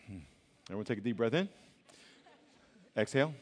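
A young man preaching as a youth pastor, animated and colloquial, swinging between loud and hushed. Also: medium pitch, quick pace, long pauses. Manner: colloquial, says y'all. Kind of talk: sermon. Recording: long reverb of a large hall.

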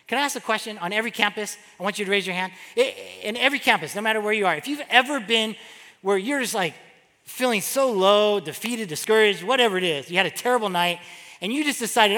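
A man pastor preaching a sermon in a church, animated and acting out quoted voices as he tells the story. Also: high voice, fairly quick, big-room sound. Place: large church hall.

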